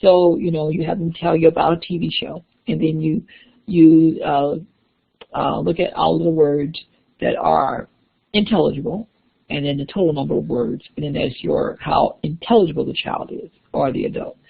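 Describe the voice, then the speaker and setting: A woman instructor talks through a classroom lecture, her voice gravelly and husky. She explains step by step and often restarts her sentences. The recording sounds thin and phone-like. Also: low-pitched, fairly even intonation, normal speed. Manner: explanatory, with frequent restarts and fillers.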